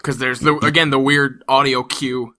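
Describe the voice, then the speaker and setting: A man in a casual podcast chat, chiming in with quick, amused corrections. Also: mid-range voice, flat delivery, bright, forceful tone.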